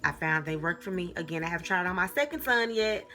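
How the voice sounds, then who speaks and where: A young woman giving casual parenting advice in a chatty, animated way, often repeating herself and laughing. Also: lowish voice, fast talker, soft background music. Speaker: mom vlogger.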